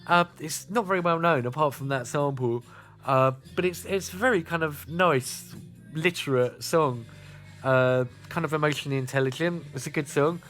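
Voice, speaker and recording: Faint music plays behind a man whose slightly bright voice sits on the high side at a moderate pace. As a radio host between songs, he chats casually in a southern English accent from Kent and Sussex in South East England, full of "uh" fillers.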